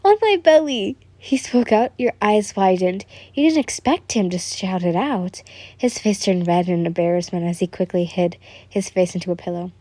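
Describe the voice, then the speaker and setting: A woman reading a fan story aloud as narrator, in a calm, even way. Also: fairly low pitch, moderate pace, no room sound.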